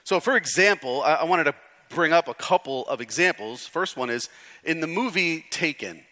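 A man's voice: fairly high pitch, lively intonation, moderate pace, bright, forceful tone. A man preaching a conversational sermon as pastor, with frequent restarts, in a large church hall. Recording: hall reverb.

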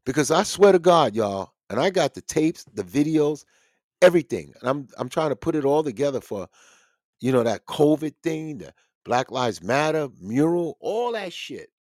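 Animated, profane man ranting on a podcast. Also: on the high side, normal speed, dry recording, studio quality. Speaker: podcast host. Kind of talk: casual profane commentary.

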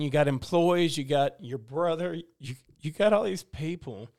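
Man, emotional testimony, halting, restarts, near tears. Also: fairly high pitch, expressive, a little mellow, smooth, no echo, studio quality. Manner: halting, many restarts and fillers. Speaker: guest telling his story.

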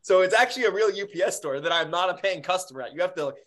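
A man co-hosting a podcast, telling stories in casual chat with animated, profane energy. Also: high-pitched, racing. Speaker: podcast co-host.

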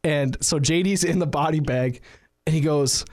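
A man's voice: on the high side, normal speed. A man co-hosting a podcast in casual, joking banter, acting out quotes as he tells stories. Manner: animated, jokey, acts out quotes. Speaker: podcast co-host.

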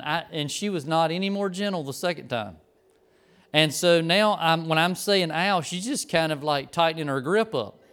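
Middle-aged male preacher, animated storyteller with a smooth, fairly high voice. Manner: animated storyteller, acts out the people in his story. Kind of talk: storytelling sermon.

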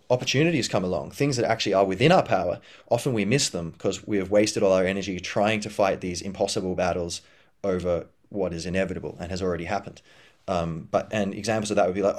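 A man hosting a podcast, talking through ideas in a casual reflective monologue, rambling with many fillers and restarts, and acting out inner voices in a higher pitch. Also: a little fast. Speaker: podcast host.

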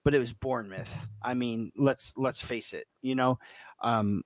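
A man hosting a sports podcast, talking in an excitable, rambling way with many restarts. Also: mid-range voice, unhurried, dry recording. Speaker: podcast host. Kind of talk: casual sports chat.

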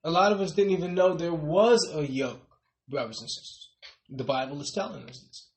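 Emphatic preacher with a high, ringing voice. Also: male voice, normal speed, reverberant. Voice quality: repeats "brothers and sisters" with a dropping, quiet tail. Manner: emphatic, rising on key points then trailing off softly. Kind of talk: sermon.

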